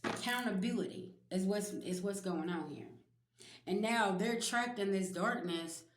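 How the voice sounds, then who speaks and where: A woman's voice: medium pitch, unhurried, echoey room, very noisy. Blunt, cussing woman giving a spiritual reading. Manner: blunt, profane and emphatic, talks straight to viewers. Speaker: spiritual reader. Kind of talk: casual spiritual reading to viewers.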